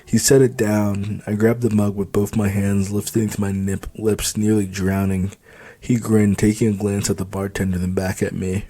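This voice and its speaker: A man with a low voice reads his own novel aloud, telling the story in the first person. His audiobook narration is steady and even. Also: normal speed. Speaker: author reading his novel.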